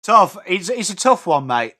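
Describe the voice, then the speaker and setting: Calling the play during a live football watchalong, a young English host chats with viewers and keeps switching between commentary and replies to the chat. He has a high-pitched, sing-song voice with a sharp tone, at normal speed.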